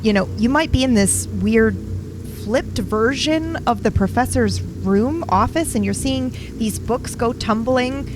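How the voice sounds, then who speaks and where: A woman's voice: on the high side, measured pace, music in the background, poor audio. A woman game master narrating a tabletop horror game, with hesitant restarts. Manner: hesitant, restarts while describing.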